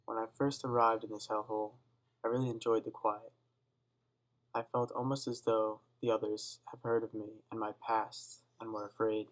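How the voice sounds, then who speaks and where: A teenage boy reading a dark first-person school story aloud in a steady, subdued way. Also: fairly low pitch, low-quality recording. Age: teens. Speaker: student reader.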